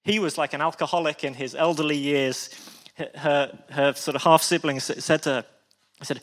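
A man's voice: medium pitch, steady tone, moderate pace, fairly bright tone, big-room sound. Male preacher, sermon storytelling, restarts, heartfelt asides. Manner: frequent restarts, emotional asides.

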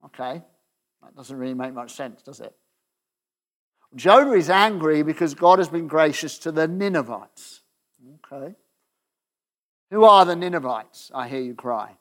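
A man preaching a conversational sermon, often checking in with the congregation and letting his voice drop softly at the ends of phrases. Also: lively intonation, measured pace, long pauses. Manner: conversational, asks the audience questions with tag "okay?"; drops to a soft low voice at the ends of phrases.

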